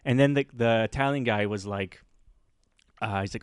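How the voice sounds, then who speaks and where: In a lowish, smooth voice at a moderate pace, a podcast host relates a story casually, mimicking the people in it with plenty of animation. The sound is clean studio audio with no echo.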